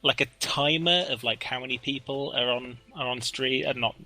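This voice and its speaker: Bright-voiced man chatting while gaming. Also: mid-range voice, steady tone, poor audio. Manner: halting, full of fillers and restarts, rambling. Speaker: co-host of a gaming stream. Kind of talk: casual chat while playing a game.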